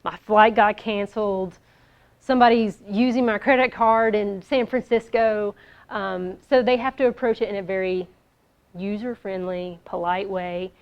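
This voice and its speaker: A woman presents a business workshop in a meeting room, her voice of middling pitch. She talks in an upbeat, lighthearted, chatty way. The recording sounds a little dull and lo-fi. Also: steady tone, unhurried. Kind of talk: casual business workshop talk.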